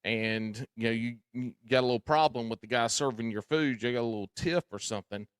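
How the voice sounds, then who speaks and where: A man with a Southern drawl hosting a podcast, chatting casually and telling animated stories with plenty of swearing. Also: medium pitch, brisk, clear, resonant tone, no echo, clean studio sound. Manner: animated, swears freely, storytelling. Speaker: podcast host. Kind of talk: casual chat.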